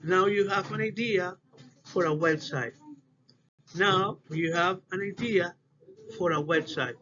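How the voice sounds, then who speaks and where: A man giving a class presentation on word stress, in halting English that repeats words as he goes. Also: high-pitched. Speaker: student presenter. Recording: dull lo-fi recording with faint noise.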